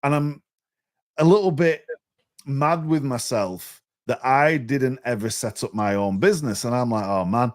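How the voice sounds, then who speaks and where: A man, a podcast guest telling a story in a chatty, animated way, often repeating words as he restarts. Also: mid-range voice, measured pace.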